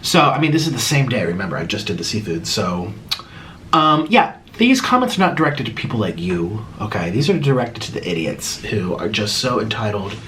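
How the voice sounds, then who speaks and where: Young man, casual vlog host, very lively pitch, dramatic, faint background hiss. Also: a little fast. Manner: animated, dramatic swings between exasperated and mocking. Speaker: YouTuber hosting a Q and A. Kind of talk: casual vlog talk to camera.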